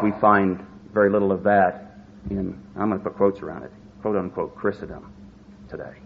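A man preaching a sermon, stressing key words and slowing down to drive his points home. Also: low-pitched. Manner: emphatic, slows down to stress words. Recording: slightly dull lo-fi recording with faint noise.

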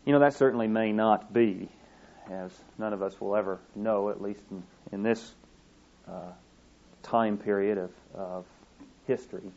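A man's voice: lowish voice, fairly even intonation, measured pace, a little mellow. Man preaching a folksy sermon, muffled recording. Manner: folksy, earnest delivery with frequent fillers and restarts. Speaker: pastor.

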